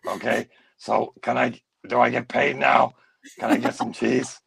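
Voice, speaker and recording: A man's voice: medium pitch, flat delivery, unhurried, vocal fry, a bit bright, voice pushed up. A man voicing a battered old male puppet that is bewildered and complains it cannot see or move its mouth.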